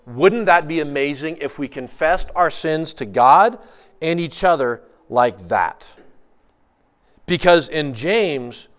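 A man preaching a sermon, earnest and emphatic, asking rhetorical questions and moving between quick bursts and slow, stressed phrases. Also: fairly high pitch. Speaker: pastor.

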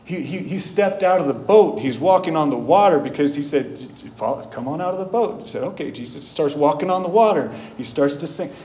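A man preaching a sermon, retelling scripture stories in an earnest way, rising loud and bold, then dropping soft and slow. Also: on the high side, expressive, slight background noise. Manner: earnest storytelling, swings between loud bold stretches and soft slow ones. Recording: echoey room with faint ambience.

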